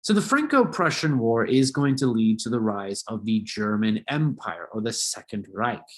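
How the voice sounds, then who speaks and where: A man's voice: lowish voice, animated, moderate pace. A man teaching a history lesson in a casual, conversational style with jokey asides. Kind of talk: casual lecture video.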